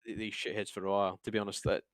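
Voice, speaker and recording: A man's voice: on the low side, flat delivery, racing, close to an everyday voice. A man voicing a guarded, sardonic female spy for hire who talks in a dry, offhand way. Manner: dry, offhand and self-assured.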